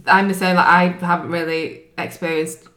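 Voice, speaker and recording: A young woman in casual conversation with friends, earnest and quick to agree. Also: lowish voice, flat delivery, bright, forceful tone. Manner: earnest, frequent agreeing fillers. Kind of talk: casual chat. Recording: echoey room.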